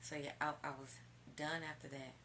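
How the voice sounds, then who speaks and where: Sassy gravelly woman vlogger telling a story. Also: sits low, moderate pace, a little hiss or hum. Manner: candid, animated and sassy, addresses viewers as y'all, swears. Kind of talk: storytime vlog.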